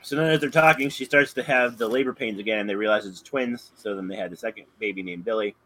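A man's voice: fairly low pitch, fast talker, a bit bright, low-quality recording. A man in casual chat, rambling through a recap with plenty of fillers and self-corrections. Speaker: podcast co-host.

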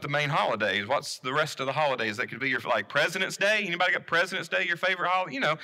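A young man preaches a sermon in a loose, chatty way, often stopping to ask the congregation questions and restarting his sentences. His voice sits high for a man. It has a very bright, sharp edge. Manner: casual, asks the congregation questions, many restarts. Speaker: pastor. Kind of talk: conversational sermon.

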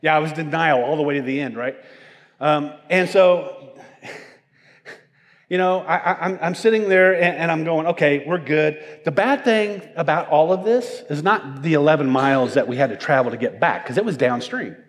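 A middle-aged male pastor preaching, telling a self-mocking personal story in an animated way. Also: on the high side, moderate pace. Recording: long hall reverb.

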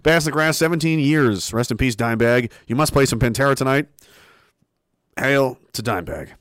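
A man's voice: mid-range voice, fairly quick, fairly bright tone, dry recording, studio quality. A young man, hosting a casual livestream, reading chat messages aloud and talking in a rambling, profane way.

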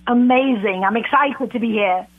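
A woman from Trinidad and Tobago with a British accent, a guest author speaking warmly and earnestly in an interview. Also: fairly high pitch, moderate pace, breathy edge. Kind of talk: interview over a phone line. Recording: tinny phone line.

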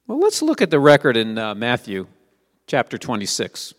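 A man's voice: medium pitch, wildly swooping pitch, normal speed, big-room sound. A man preaching a sermon, reading scripture aloud and asking his listeners rhetorical questions in a conversational way. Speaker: Messianic teacher.

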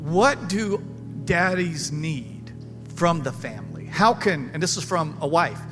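A man's voice: a little high, normal speed, in a large hall, over music. A man pastor leading a church panel, speaking in an emphatic, folksy way and repeating himself. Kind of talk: church panel talk, preaching. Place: church service.

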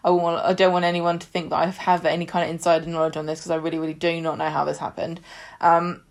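A woman's voice: lowish voice, little pitch movement, fast talker. A woman co-hosting a podcast, chatting casually, often restarting and searching for words. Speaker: podcast co-host. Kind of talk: casual chat about a TV soap.

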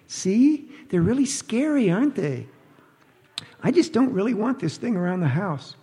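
A man's voice: sits high, big pitch swings, moderate pace, mellow, long reverb tail, pitched above the performer's own voice. A man reading an audiobook, voicing a sly divorced woman who talks in a sugary, teasing, falsely innocent way.

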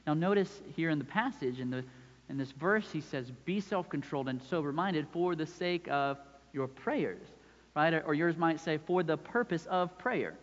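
A man's voice: fairly high pitch, lively intonation, moderate pace. A man in his thirties preaching a sermon, talking conversationally and often checking in with "right?". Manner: conversational preaching with frequent "right?" tag questions. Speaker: pastor. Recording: dull sound with long hall reverb.

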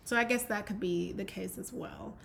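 A woman's voice: mid-range voice, normal speed, gravelly, a bit bright, slight background noise. A woman co-hosting a casual podcast, recapping a reality show in a laid-back way with lots of fillers and frank reactions. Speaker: podcast co-host.

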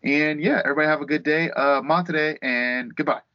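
A man's voice: on the high side, a little fast, muffled recording, heavy background noise. A man guesting on a podcast, chatting casually and joking in a laid-back way. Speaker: guest co-host.

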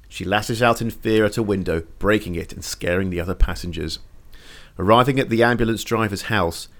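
A man with a low voice hosts a relaxed podcast. He recaps a show's plot in an eager, storytelling way, then drifts into easy banter with his co-host. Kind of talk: casual podcast chat and episode recap.

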